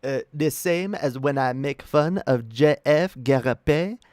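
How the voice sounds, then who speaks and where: A man's voice: medium pitch, measured pace, darkish tone, no echo, clean studio sound. A man streaming casual commentary in a mocking, combative way. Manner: mocking, combative, laughs often.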